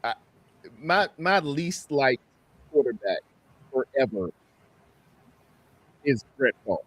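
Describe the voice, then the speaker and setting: A man in casual sports podcast chat, talking in an animated, repetitive, heated way. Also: medium pitch, slow, breathy edge, no room sound.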